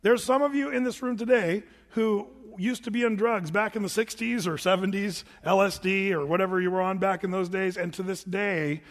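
High-pitched male pastor, storytelling sermon, lively asides, long hall reverb. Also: moderate pace, few pauses. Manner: storytelling, animated, with asides and self-corrections.

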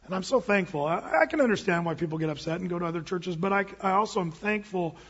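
A man's voice: sits high, quick pace, a bit bright, husky, in a large hall, highs cut off. A man from the United States preaching a sermon as a pastor, conversational and emphatic. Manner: conversational, emphatic, with quoted asides. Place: church sanctuary.

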